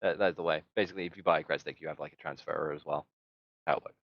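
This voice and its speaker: A man narrating as game master in a tabletop game, casual and quick to laugh and swear. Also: a bass voice, fairly even intonation, no echo, muffled recording.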